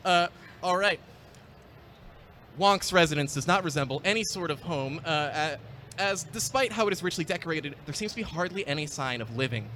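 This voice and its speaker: Bright-voiced game master man. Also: on the high side, lively intonation, moderate pace, slight background noise. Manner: bright, laughing, hesitant with fillers. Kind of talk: narrating a tabletop game.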